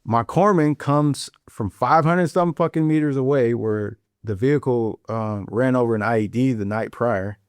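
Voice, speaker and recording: A middle-aged Marine veteran from St. Louis, USA, tells a war story bluntly and with plenty of profanity during an interview. His voice is medium-pitched and clean in tone, at normal speed with hardly any pauses. The recording is dry, with clean studio sound.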